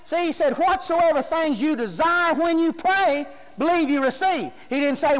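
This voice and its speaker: A man's voice: very high voice, lively intonation, moderate pace, few pauses. A man preaching a sermon, folksy and emphatic, often throwing rhetorical questions to the congregation. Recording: long hall reverb.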